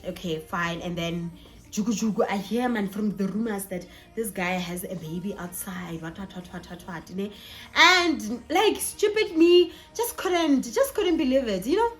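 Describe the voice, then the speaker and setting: A young woman with a South African accent telling a personal story in a chatty, animated vlog, slipping in Sesotho phrases. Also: mid-range voice, moderate pace. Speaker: vlogger. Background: faint background music.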